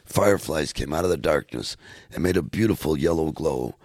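A man reading a storybook aloud in a measured, steady way. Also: a bass voice, no echo. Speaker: narrator.

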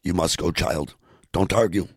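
A man voicing a brisk, no-nonsense old grandmother in a storybook reading. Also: low-pitched, fairly even intonation, breathy edge, no echo, clean studio sound. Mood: stern.

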